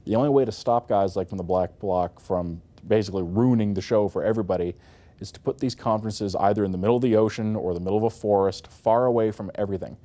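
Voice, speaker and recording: A man's voice: fairly low pitch, quick pace, mellow. A man giving blunt opinion commentary, dismissive in tone.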